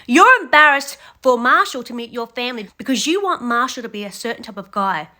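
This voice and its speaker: High bright-voiced woman scolding bluntly. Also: lively intonation, brisk. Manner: blunt, scolding, addresses the contestant directly. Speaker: reaction commentator. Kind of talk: ranting reality show commentary.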